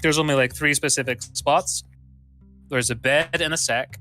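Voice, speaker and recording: A man's voice: fairly high pitch, fairly even intonation, moderate pace, pushed and bright, faint music behind. Swearing, casual male game master. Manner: casual, swears, laughs often. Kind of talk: running a tabletop game.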